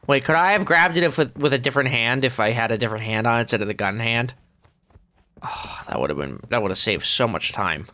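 Voicing a cranky, exhausted middle-aged squid for let's play commentary, a man speaks briskly in a mid-range voice pushed down. He grumbles sarcastically through the game with deadpan remarks.

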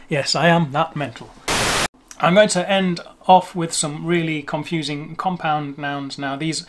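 Casual and self-mocking, this young language-video host talks through pronunciation in a somewhat high voice. He pauses on the hard words, sounding each one out slowly, and then drifts back into relaxed chatter.

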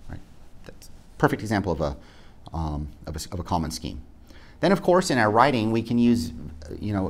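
Man, middle-aged, very deep voice, law instructor, measured explanatory lecture, emphatic examples. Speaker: law school clinic instructor. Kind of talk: recorded legal education lecture.

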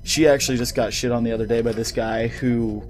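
Man, ranting vlog, swears a lot, rambling, studio mic, quiet music in back. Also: medium pitch, steady tone, brisk. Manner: heated, profane, rambling rant. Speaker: gaming YouTuber. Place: home recording setup. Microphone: studio mic with pop filter.

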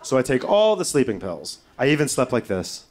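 A male comedian telling a story on stage in an animated way, swearing freely and breaking into impressions. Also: mid-range voice, brisk, crowd noise. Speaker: stand-up comedian. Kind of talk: stand-up storytelling. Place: stage before a live audience.

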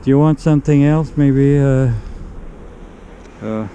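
Middle-aged guy preaching outside in a park, dark mellow voice, faint traffic hum behind, keeps pleading. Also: medium pitch, unhurried, low-quality recording. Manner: earnest, pleading, keeps urging. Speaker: street preacher. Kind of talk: one-on-one street evangelism. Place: outdoors in a city park in winter.

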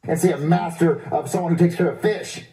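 A man voicing a loud, bragging, childish schoolboy who yells a lot. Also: on the high side, steady tone, a little fast, roomy sound, lightly acted. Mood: smug. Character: bratty goofy schoolboy, loud and boastful.

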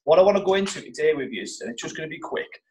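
A man's voice: a little high, expressive, rapid-fire, darkish tone. A man introducing himself as training director, informal and plain-spoken, with a slightly hesitant start. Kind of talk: workplace training presentation.

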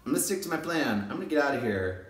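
A male kindergarten teacher talking straight to camera in a casual, animated way, repeating his points for emphasis. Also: fairly high pitch, racing, soft background music. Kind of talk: casual direct-to-camera talk. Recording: roomy echo.

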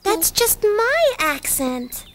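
A woman voicing a young puppet girl who talks to a friend in a reassuring, warm way in a children's TV puppet show. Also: very high-pitched, very animated, very slow, loud music behind the voice, exaggerated voice.

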